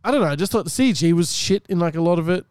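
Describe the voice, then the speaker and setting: A man's voice: sits high, animated, very fast, darkish tone, clear, resonant tone, no room sound, studio quality. A young man chatting casually as a podcast co-host, mumbling and teasing in a laid-back way. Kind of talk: casual chat.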